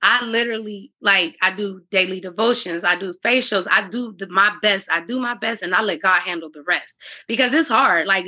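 A woman's voice: medium pitch, pushed and bright, breathy edge, dull audio. A woman speaking as an interview guest in a candid, earnest way, often circling back with fillers and restarts. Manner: earnest, faith-driven, with many fillers and restarts.

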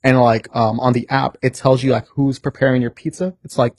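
A man's voice: mid-range voice, a little fast, few pauses, dry recording. A young man from the States spins loose, swear-laced stories in a casual podcast chat. His voice sits in a middling register. The sound is dry and close. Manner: animated storyteller, swears freely, lots of "like". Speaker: podcast guest.

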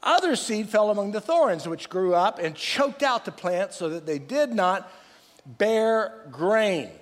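A middle-aged pastor preaches an energetic sermon in a large church hall, his voice sitting high at a measured pace. He calls on the congregation to answer back and restarts phrases as he goes, while long reverb fills the recording.

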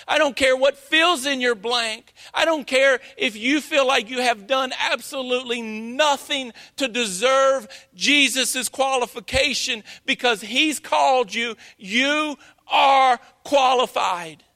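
High-voiced man preaching slowly. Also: pushed and bright. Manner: preaching with slow dramatic emphasis, acting out quoted dialogue. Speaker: pastor. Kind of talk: sermon. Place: church sanctuary.

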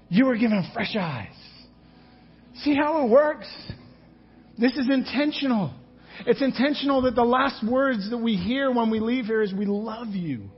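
A man preaching a sermon as pastor, animated, acting out quotes and dropping to hushed tones. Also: high-pitched, husky, muffled recording.

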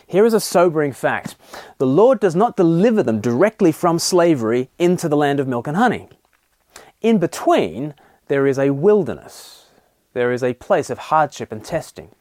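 A man's voice: a little high, moderate pace, no echo, clean studio sound. A man giving a short daily Bible devotional, preaching earnestly and with animation. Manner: earnest, animated preaching that acts out grumbling voices. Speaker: Bible teacher.

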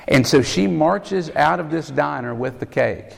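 A male preacher telling a story in a sermon, animated and acting out the quotes, in a church sanctuary. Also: fairly high pitch, unhurried, gravelly, hardly any pauses. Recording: echoey hall.

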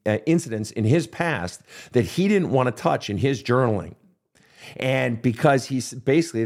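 A man's voice: mid-range voice, darkish tone. A middle-aged man hosting a counseling podcast who talks bluntly and swears often, acting out the voices of the people he quotes. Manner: blunt, swears freely, acts out quoted outbursts. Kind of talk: casual advice monologue.

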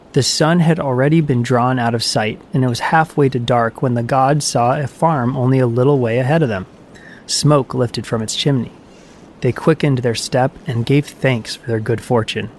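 A man narrating an audiobook of myths with measured, even storytelling. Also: medium pitch, slight background noise.

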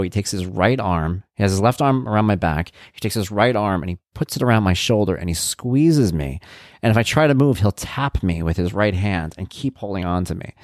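A man's voice: medium pitch, dry recording, studio quality. A middle-aged man hosting a podcast, talking candidly and reflectively in a casual monologue. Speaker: podcast host.

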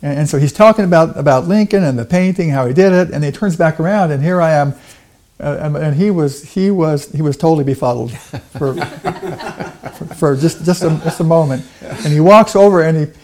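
A middle-aged man talking casually in an interview, halting and repeating words with many fillers. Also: fairly high pitch, a little mellow. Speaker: guest, Lincoln portrayer.

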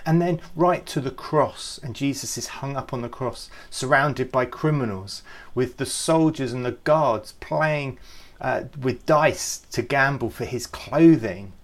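A man's voice: medium pitch, unhurried. Male podcast host, earnest and reflective, mid-range voice, devotional talk with touches of humour. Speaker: youth ministry podcast host.

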